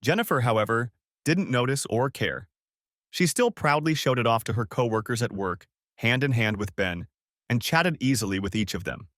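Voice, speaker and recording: A man narrating an audiobook story in a dramatic, expressive reading. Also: medium pitch, moderate pace, no echo, studio quality.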